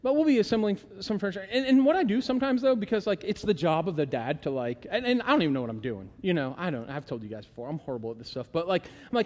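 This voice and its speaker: A middle-aged male pastor preaching with a high voice, conversational one moment and emphatic the next. He slows down to stress key words and calls on the room to repeat lines with him. His voice rings with a long reverb from the hall. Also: lively intonation, darkish tone. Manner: conversational, asks the congregation to repeat lines aloud. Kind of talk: sermon.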